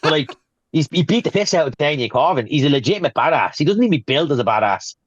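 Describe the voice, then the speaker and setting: A man co-hosting a casual wrestling podcast, telling stories in a rapid rush. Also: on the high side, expressive, slightly rough, dry recording, muffled recording. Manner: rapid storyteller, acts out quotes. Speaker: podcast co-host. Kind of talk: casual chat.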